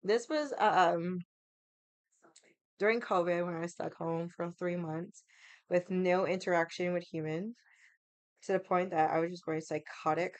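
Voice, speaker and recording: A woman's voice: lowish voice, steady tone, unhurried, pauses often, no room sound. A woman streamer telling a story in casual chat, profane and rambling, saying "like" constantly. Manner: profane, rambling, heavy use of "like".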